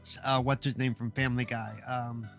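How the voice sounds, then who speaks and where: A male show host asking relaxed, curious questions in a casual interview, often stumbling and filling pauses as he starts a thought. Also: mid-range voice, soft background music.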